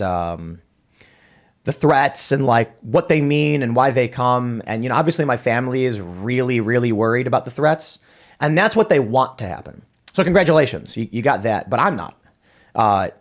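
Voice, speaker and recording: A man's voice: mid-range voice, lively intonation, normal speed. A man hosting a livestream, telling stories in casual chat, rambling with many restarts and fillers. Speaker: livestream host.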